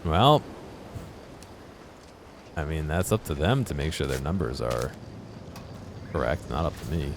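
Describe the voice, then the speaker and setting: Deep-voiced, animated man telling stories. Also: measured pace, pauses often. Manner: animated storytelling, swearing. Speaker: gaming streamer. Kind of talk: casual let's-play chat. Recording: noisy game-capture mix.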